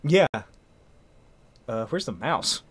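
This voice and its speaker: A man's voice: medium pitch, big pitch swings, slow pace, slightly rough. A man hosting a let's play, giggling and teasing his friend in casual chat.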